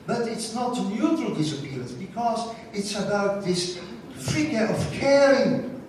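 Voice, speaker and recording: An older man giving an academic lecture in a large hall, telling a story haltingly, restarting words and repeating phrases for emphasis. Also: high voice. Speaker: plenary lecturer. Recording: echoey hall, mic far off, faint noise.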